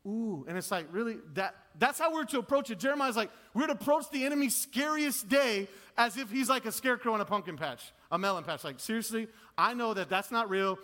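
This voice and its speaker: A man in his thirties preaching a sermon, swinging between loud, high bursts and low, quiet asides. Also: expressive, fairly quick, few pauses. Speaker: pastor.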